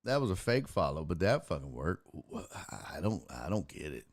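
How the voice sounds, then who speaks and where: Profane, animated male sports streamer. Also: rumbling low. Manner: profane, exasperated, quick to laugh. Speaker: sports talk show host. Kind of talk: live-stream chat, reading viewer messages.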